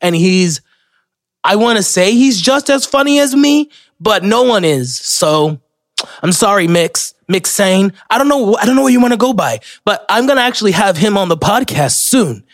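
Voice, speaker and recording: A young podcast host from Florida tells rambling, profane stories in a casual solo monologue, often interrupting himself. His voice sits high and animated at a moderate pace, with clean studio-quality sound and no echo.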